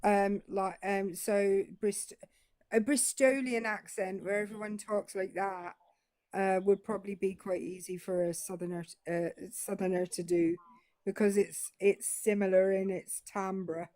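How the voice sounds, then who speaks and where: A woman's voice: medium pitch, unhurried, dry recording, studio quality. A British woman with a British English accent, explaining in casual panel chat. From Britain. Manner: explanatory, lively, talks it through.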